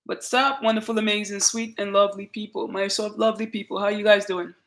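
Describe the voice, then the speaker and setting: Bright-voiced Nigerian woman greeting viewers. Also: medium pitch, fairly quick. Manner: warm greetings to viewers by name, lively and emphatic. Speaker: channel host. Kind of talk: casual livestream chat.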